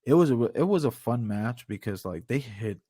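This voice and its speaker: A man co-hosting a casual wrestling podcast, talking in an animated way, swearing freely and ranting with playful bravado. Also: mid-range voice, normal speed, slightly rough, no echo. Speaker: podcast co-host. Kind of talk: casual wrestling reaction chat.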